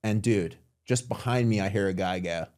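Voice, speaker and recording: A man's voice: deep voice, normal speed, a little mellow. A man hosting a podcast in casual chat, making dry, joking asides and telling his own stories. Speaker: podcast host.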